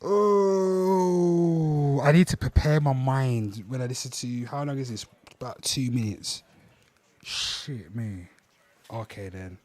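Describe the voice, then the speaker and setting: A man hosting a livestream, reacting to clips in an animated, mock-dramatic way and calling out to viewers. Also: mid-range voice, measured pace, dry recording. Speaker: livestream host. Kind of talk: live reaction commentary.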